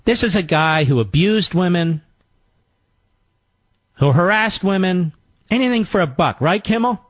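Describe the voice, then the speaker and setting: A man hosting a political talk radio show, mocking and combative in tone. His pitch leaps and dips constantly for emphasis, and he sits somewhat higher than most men. The studio sound is close and dry. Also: expressive, measured pace, pauses often, dry recording.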